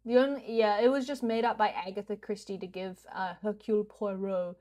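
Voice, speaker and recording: A woman's voice: medium pitch, steady tone, fairly quick, warm tone. A young woman with a New Zealand accent, streaming a guessing game in casual commentary, jokey, swearing freely and slipping into mock rants.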